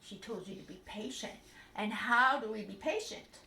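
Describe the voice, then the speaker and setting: Older woman, grandmotherly storyteller talking to puppets. Bright, sing-song voice in an echoey room. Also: fairly high pitch, normal speed. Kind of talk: children's bedtime story show.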